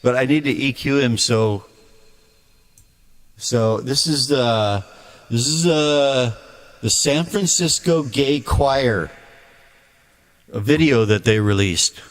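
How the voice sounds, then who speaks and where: Guy ranting to the camera, slow and blunt, hammering each point. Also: medium pitch. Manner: blunt, emphatic, deliberate. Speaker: video creator. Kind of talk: ranting monologue to a viewer.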